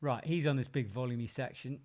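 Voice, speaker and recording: A man's voice: medium pitch, a little mellow. An English man co-hosting a live watch-along, commenting casually on a climbing competition with jokey asides. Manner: chatty, jokey, quick asides and laughs. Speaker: co-host reacting to a climbing event.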